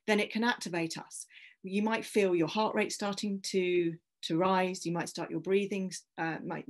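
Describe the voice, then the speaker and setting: Gentle English woman guiding breath. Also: on the low side. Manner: gentle, reassuring, guides listeners to breathe. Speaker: scientist giving a talk. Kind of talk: online talk with slides.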